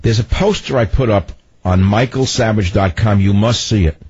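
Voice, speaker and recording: An older man hosting political talk radio, ranting in a loud, commanding voice. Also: lowish voice, moderate pace, dry recording. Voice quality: husky. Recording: dull lo-fi radio broadcast.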